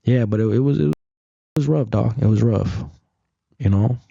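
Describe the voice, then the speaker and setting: A man's voice: normal speed, vocal fry, breathy edge, dry recording. A young man, a podcast guest, telling stories from his life in a casual, slangy way, calling people "bro" and "dog" and acting out what others said. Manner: acts out quoted lines in a higher, louder voice. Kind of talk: casual storytelling. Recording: dry, slightly dull audio.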